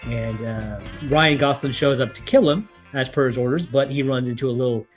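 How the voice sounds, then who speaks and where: A man with a nasal voice co-hosting a casual movie-review podcast, riffing in animated, jokey rants. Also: mid-range voice, brisk, faint music behind. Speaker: podcast co-host.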